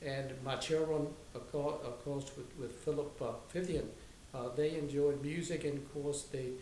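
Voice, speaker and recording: A man playing a wealthy eighteenth-century plantation owner who reminisces fondly, with sighing exclamations and halting restarts. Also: steady tone, mellow, close to an everyday voice. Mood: nostalgic. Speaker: historical reenactor. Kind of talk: historical reenactment dialogue. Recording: roomy with faint low rumble.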